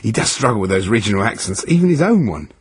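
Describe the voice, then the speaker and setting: A man co-hosting a sports radio show, chatty and quick to laugh. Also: lowish voice, very animated, slightly rough, dry recording. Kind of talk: jokey radio banter.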